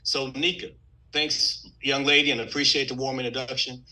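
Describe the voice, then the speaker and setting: A man from Texas, giving an energetic, emphatic sales pitch on a video call. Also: moderate pace, rough recording. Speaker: business presenter on a video call.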